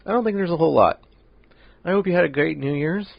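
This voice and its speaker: A man's voice: a little high, quick pace, gravelly, no room sound, muffled recording. A man hosting a casual solo podcast, rambling and joking at his own expense. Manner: rambling, joking, self-deprecating. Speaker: podcast host.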